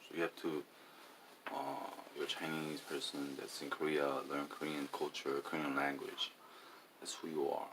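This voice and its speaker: A tipsy man rambling in a casual monologue, halting and repeating his words, swinging between loud bursts and mumbles. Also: a bass voice, flat delivery, heavy background noise. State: tipsy after drinking.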